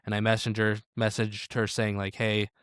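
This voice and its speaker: A man in his thirties co-hosting a podcast, telling a family story in a relaxed, conversational way. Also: fairly low pitch, moderate pace, clear, resonant tone, dry recording, studio quality. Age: 30s. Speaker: podcast co-host. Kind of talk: casual chat.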